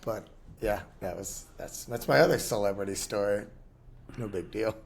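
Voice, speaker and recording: A man's voice: on the low side, moderate pace, vocal fry, a little hiss or hum. A middle-aged man chatting casually as a podcast guest, telling rambling anecdotes and laughing often. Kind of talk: casual chat.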